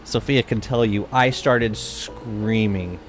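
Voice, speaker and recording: A man in his thirties streaming a game, chatting casually and excitably with many restarts. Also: on the low side, slow, a little hiss or hum. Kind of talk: casual live-stream chat.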